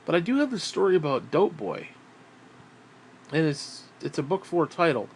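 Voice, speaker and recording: A man's voice: a little high, sing-song, normal speed, slight background noise. Rambling, foul-mouthed man musing aloud. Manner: profane, meandering, frequent fillers. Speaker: writer talking about his books. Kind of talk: casual rambling monologue.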